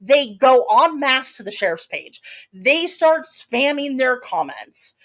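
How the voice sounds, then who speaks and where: A woman's voice: sits high, very animated, slow pace, fairly bright tone. A woman co-hosting a podcast, telling a story in casual chat with many asides and restarts. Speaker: podcast co-host.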